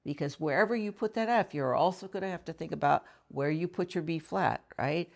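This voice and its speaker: Low-voiced woman violin teacher. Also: a little fast, vocal fry. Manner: thoughtful, conversational, asks the listener questions. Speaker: violin professor. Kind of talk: instructional explanation with playing demonstrations. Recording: violin playing between phrases.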